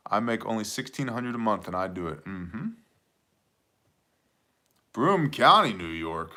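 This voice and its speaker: Male host, 30s, bright forceful tone, casual jokey livestream chat. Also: on the low side, lively intonation, slow, long pauses. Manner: joking, conversational, reads chat aloud.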